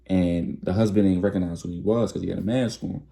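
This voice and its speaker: A man's voice: low-pitched, fairly even intonation, fairly quick, vocal fry, warm tone. A man casually narrating a storytime in slangy, conversational talk, acting out the quotes.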